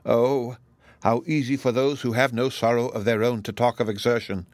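A man voicing a grief-stricken young woman in an audiobook, pleading and anguished, a little higher than his own voice. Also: level tone, normal speed, a little mellow, dry recording, natural voice. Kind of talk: audiobook character voice.

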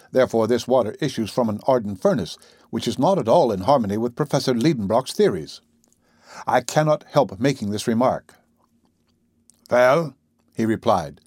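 A man narrating a classic adventure novel in the first person, with a husky voice and measured storytelling. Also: medium pitch, darkish tone, no room sound, studio quality. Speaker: audiobook narrator.

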